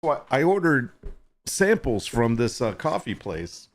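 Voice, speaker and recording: A man's voice: mid-range voice, sing-song, measured pace, a little hiss or hum. A man hosting a casual livestream chat, joking with and teasing viewers and greeting them by name. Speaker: livestream host.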